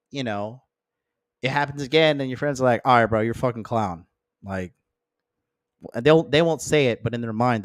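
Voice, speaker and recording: Male host, mid-pitch, blunt and profane dating talk on a live stream, keeps asking "okay?", dry close-mic sound, no room. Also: no echo. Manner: acts out friends and exes in mocking higher voices. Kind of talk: livestream dating advice talk.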